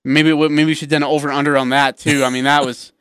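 A male sports radio co-host with a fairly high voice, chatty and quick to laugh. The studio sound is dry and close, with no room echo. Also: flat delivery, fairly bright tone, clean tone. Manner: joking, laughs easily.

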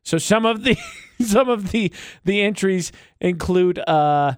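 A man's voice: high voice, animated, slow pace, clear, resonant tone, dry recording, clean studio sound. A man hosting a radio show, chatty and often laughing, talking through a call-in segment. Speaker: radio host. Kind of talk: casual radio banter.

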